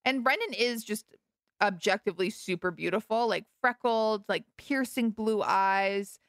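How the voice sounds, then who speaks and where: A young woman with a gravelly edge to her voice chats casually as a podcast co-host. She gossips in a playful, drawn-out way, and the recording is close and dry. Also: medium pitch, fairly bright tone, dry recording. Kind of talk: casual chat.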